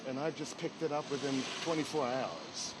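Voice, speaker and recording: A man's voice: mid-range voice, lively intonation, moderate pace. An older man, a political campaigner chatting and greeting people on the street in a hearty way. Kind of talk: street chat and rally speech. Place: outdoors on busy streets. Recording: loud crowd and traffic noise.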